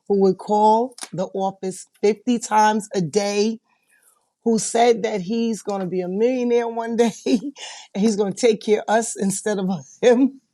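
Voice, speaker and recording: A woman paralegal in a casual interview, telling stories in an animated way and laughing often. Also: mid-range voice, dry recording.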